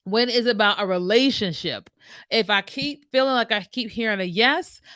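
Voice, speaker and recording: A woman's voice: fairly high pitch, normal speed, dry recording, studio quality. A woman hosting a casual faith talk, reading out viewer comments and acting out both sides of her conversations with God. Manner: animated storytelling, acting out both sides of dialogues. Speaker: host answering viewer comments.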